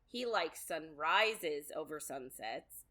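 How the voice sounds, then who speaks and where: A woman's voice: deep voice, lively intonation, takes it slowly, sharp tone. A woman co-hosting a podcast, chatting casually through a book recap with lots of fillers and quoted asides. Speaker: podcast co-host.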